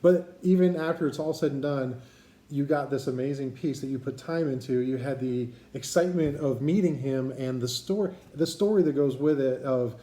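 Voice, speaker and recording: A male host talking casually with a guest, building up to each story and then responding to it with encouragement. His voice is mellow and dark at a middle pitch. The room is echoey. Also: moderate pace. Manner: supportive, sets up the guest's stories. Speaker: channel host interviewing a guest. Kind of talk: casual chat.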